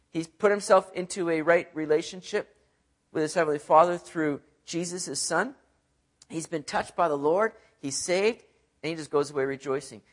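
A male pastor giving an expository sermon, earnest and emphatic, often repeating phrases to drive a point home. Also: high voice.

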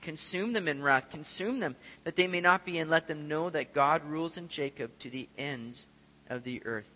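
A pastor with a fairly high, pushed and bright male voice preaches a sermon, speaking conversationally and asking his congregation rhetorical questions. A long hall reverb colors the recording.

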